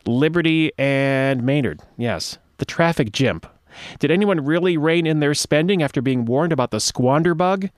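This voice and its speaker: A man's voice: medium pitch, no room sound, studio quality. A man hosting a radio show, chatting in a wry, digressive way and reading old wartime slogans aloud. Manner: wry, digressive, asides to listeners. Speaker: radio host. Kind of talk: casual radio talk with read-out history.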